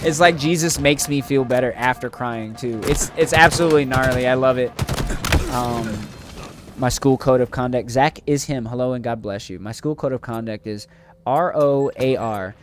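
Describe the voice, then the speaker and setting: A man's voice: mid-range voice, moderate pace, soft background music. A man streaming a game, chatting earnestly and emotionally to his viewers, rambling with many fillers and restarts. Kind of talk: casual chat to live chat while gaming.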